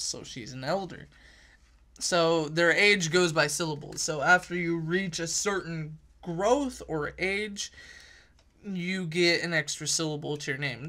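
A man's voice: fairly high pitch, bright, forceful tone. A young man giving a casual, rambling book review, often correcting himself mid-sentence with fillers like "um" and "kinda.".

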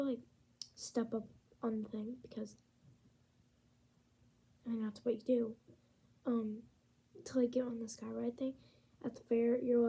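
Chatty young woman, soft whispery storytime. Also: on the high side, husky. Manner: chatty, many fillers, often drops to a whisper. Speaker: vlogger. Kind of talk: casual storytime chat. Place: home at night.

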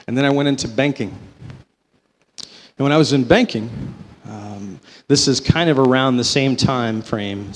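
A man sharing his faith testimony before an audience, telling it as a story that swings between slow, emphatic phrases and quicker runs. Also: mid-range voice, long reverb tail, slight background noise. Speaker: company vice president giving a testimony.

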